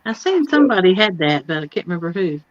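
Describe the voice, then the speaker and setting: A woman's voice: on the low side, very animated, fast. A woman host chatting in an easygoing, chatty way. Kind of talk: casual chat. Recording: slightly dull sound.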